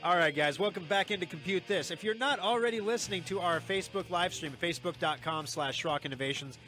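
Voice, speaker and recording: A man hosting a radio talk show, excited and energized, talking fast with frequent restarts and repeated words. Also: high voice, faint music behind. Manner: excited, fast talker who restarts often. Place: radio studio. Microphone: studio microphone.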